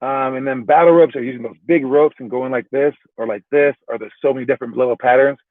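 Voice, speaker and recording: A man runs through basketball drills in an easygoing, talky way, stumbling and restarting and tossing in "all right" between points. His voice sits at an ordinary middle pitch. The sound is thin and phone-like, with a dry, close feel. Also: steady tone, fast talker, dry recording. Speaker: basketball trainer. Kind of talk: casual explaining and ranking.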